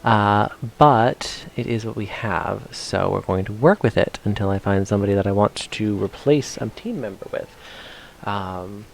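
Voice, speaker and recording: A man's voice: on the low side, normal speed, vocal fry, a little hiss or hum. A man chatting playfully while streaming a video game, sometimes reading game text aloud in silly voices. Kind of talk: casual live-stream commentary.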